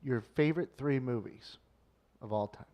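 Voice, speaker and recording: A man's voice: medium pitch, normal speed, warm tone. A man co-hosting a podcast, chiming in plainly in casual banter.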